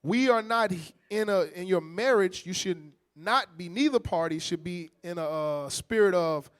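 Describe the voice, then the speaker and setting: A man teaching a congregation from the Bible in a casual, slangy, animated way with call-and-response. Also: high-pitched, moderate pace, few pauses, smooth.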